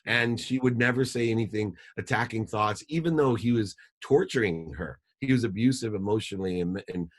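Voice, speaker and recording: Podcast guest, man in his 50s, lowish voice, quick emphatic storyteller who repeats lines for punch. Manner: fast, emphatic, repeats phrases for effect. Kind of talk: personal storytelling in an interview.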